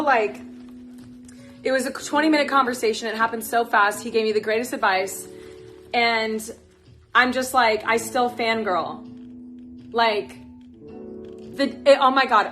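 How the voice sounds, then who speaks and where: On a casual phone livestream, a young woman gushes excitedly about her favorite players, swearing freely as she goes. Her pitch is fairly high, and she's at home moving plants indoors.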